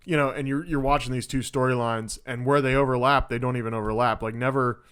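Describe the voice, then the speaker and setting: A man's voice: mid-range voice, steady tone, quick pace, a bit bright, clean tone. A man co-hosting a podcast, chatting casually about a film, rambling and swearing as he retells scenes. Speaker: podcast co-host. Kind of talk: casual movie discussion.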